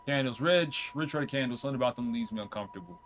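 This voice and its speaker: Excitable male game streamer. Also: medium pitch, slight background noise. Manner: excitable, reads on-screen text aloud and reacts with quick outbursts. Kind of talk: casual let's-play commentary.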